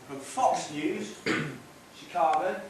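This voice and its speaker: A man's voice: on the high side, extremely slow. A man giving an informal public talk, conversational and wry, wandering off on asides. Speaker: public speaker. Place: meeting hall. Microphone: distant room mic. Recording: roomy hall, distant mic, faint hiss.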